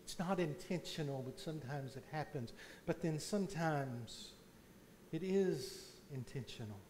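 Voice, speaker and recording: A man delivers a sermon in a church, taking his time over each phrase and rising to loud, fervent peaks when he drives a point home. His voice sits fairly high for a man, with a faint background hiss behind it. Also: animated. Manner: slow deliberate preaching, swelling loud on key points. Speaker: pastor. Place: church sanctuary.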